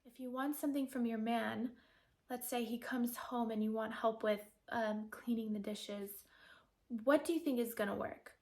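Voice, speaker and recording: A woman talks straight to camera as a coach, earnest and persuasive. She often poses rhetorical questions, and her voice sits a little high. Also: steady tone, moderate pace, a little mellow. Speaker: feminine energy coach. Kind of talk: direct-to-camera advice talk.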